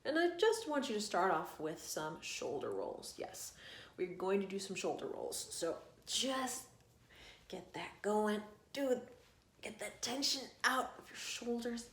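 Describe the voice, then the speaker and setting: A woman singing coach guiding an online vocal warm-up lesson, giving calm, coaxing instructions. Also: mid-range voice, a little slow, roomy sound.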